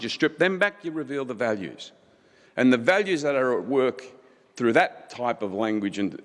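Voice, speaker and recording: Impassioned man speaking in a reverberant hall. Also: a little high. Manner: impassioned, rhetorical repetition. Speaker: keynote speaker. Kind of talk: conference keynote speech. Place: large conference hall.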